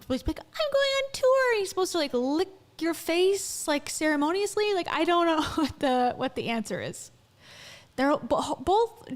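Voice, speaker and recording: Young woman, vlog commentary, sarcastic, incredulous, high-pitched. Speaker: commentary vlogger.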